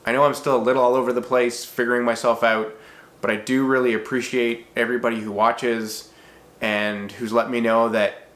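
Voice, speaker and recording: A man's voice: mid-range voice, level tone, moderate pace, fairly bright tone. A man in his thirties, originally from Czechoslovakia, answering viewer questions in a casual vlog, thoughtful and a little self-deprecating with frequent fillers and restarts.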